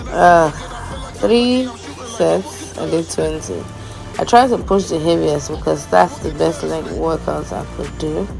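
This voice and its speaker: A young woman vlogger chatting casually about her workout, giggly and quick to act out what people said. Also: low-pitched, vocal fry, music in the background, low-quality recording. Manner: chatty and giggly, acts out quotes. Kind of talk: casual workout vlog chat.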